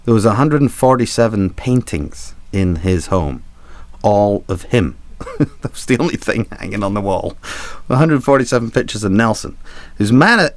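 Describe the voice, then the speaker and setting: Male captain storyteller, low-ish voice, rambling and cheeky, dry sound. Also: dry recording. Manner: rambling, chuckling, swearing for laughs. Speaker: cruise ship captain telling stories. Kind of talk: comic storytelling.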